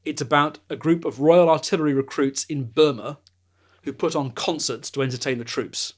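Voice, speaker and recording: A man's voice: on the high side, steady tone, moderate pace. A British man hosting a podcast, explaining in a casual, informative way with many fillers. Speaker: podcast host.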